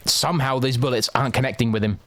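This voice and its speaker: A man giving quick, excitable live play-by-play as a game shoutcaster, with casual asides to his viewers. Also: medium pitch, slight background noise. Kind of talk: live esports commentary.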